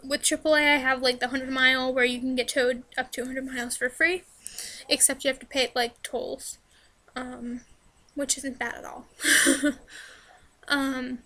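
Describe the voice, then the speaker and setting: Bright high-voiced chatty woman. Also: flat delivery, measured pace, long pauses. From New Jersey. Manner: chatty, rambling, many fillers and "like". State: hoarse, voice straining. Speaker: vlogger. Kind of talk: casual Q&A storytelling.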